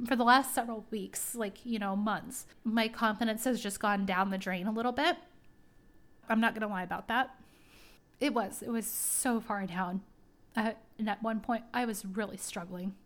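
A woman's voice: medium pitch, normal speed, a bit bright. A woman hosting her own podcast, talking casually and at length in a rambling, heartfelt way. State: tearing up. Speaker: podcast host. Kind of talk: casual personal talk.

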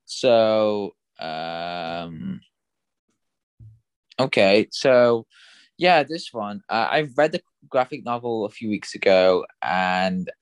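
A young man with a low voice, chatting casually on a podcast. He hesitates often and fills the gaps with ums and restarts. The sound is dry and close. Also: lively intonation, drawn-out words, clear, resonant tone, no echo. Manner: hesitant, many fillers and restarts. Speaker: podcast co-host. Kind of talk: casual chat.

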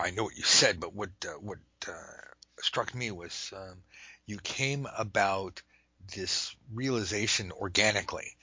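Male podcast host, low husky voice, dry close sound, animated with whispered asides. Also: no echo. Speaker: podcast host and tarot teacher. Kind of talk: ranting podcast talk. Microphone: internet call microphone.

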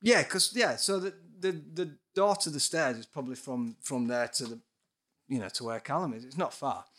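A man's voice: medium pitch, moderate pace, a bit bright. A man, a guest musician telling a ghost story in casual podcast chat, swearing and laughing often.

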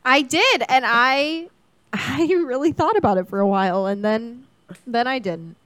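A woman with a fairly high voice, recorded close and dry, chatting as a podcast co-host. She talks in an animated, jokey way and leans into playful exaggeration. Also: measured pace, dry recording. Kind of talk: casual chat.

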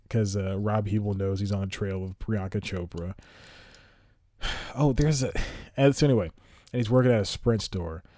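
A man talks through a movie review on his own, rambling from point to point with sighs and exasperated asides. His voice sits low and mellow, recorded close and dry with no room sound. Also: no echo. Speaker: podcast host. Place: home, recording at night.

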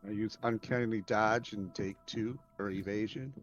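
A low-pitched man taking part as a player in a tabletop role-playing session, offhand and dry in how he states his actions. His voice comes through a dull, lo-fi microphone with faint music underneath. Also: steady tone, normal speed. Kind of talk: casual tabletop game play.

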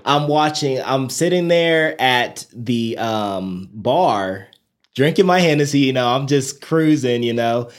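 Animated man telling stories. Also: mid-range voice, takes it slowly. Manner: animated storyteller, quotes people in lively voices, many fillers. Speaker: nurse and interview guest. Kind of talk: casual storytelling in an interview.

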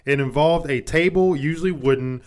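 A man's voice: on the high side, moderate pace, darkish tone. A man co-hosting a casual podcast, reading a list aloud, stumbling over words and swearing. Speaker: podcast co-host.

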